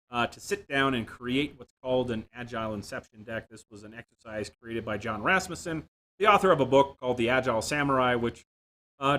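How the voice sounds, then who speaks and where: Guy doing a dev talk, bright voice, jokey self-deprecating stories. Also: medium pitch. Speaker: conference speaker. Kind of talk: tech talk with anecdotes. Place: room without a live audience.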